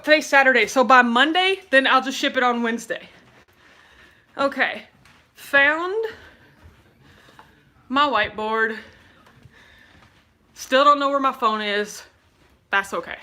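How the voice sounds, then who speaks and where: A young woman hosts a casual livestream from home, her voice high and bright. She chats in a bubbly, rambling way and reads viewer comments aloud, sounding a little winded. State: out of breath. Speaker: livestream host. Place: at home, indoors.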